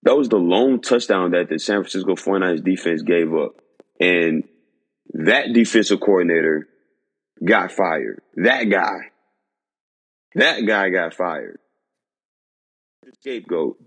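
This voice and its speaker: A man hosting a sports podcast, ranting in disbelief with emphatic repetition and a husky voice. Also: sits low, moderate pace, big-room sound. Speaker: podcast host.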